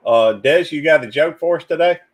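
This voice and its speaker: A man hosting a casual live stream, talking in halting, repeated starts as he greets callers and tells a dad joke. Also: on the high side, rough recording. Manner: halting, repeats words, cautious. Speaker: stream host.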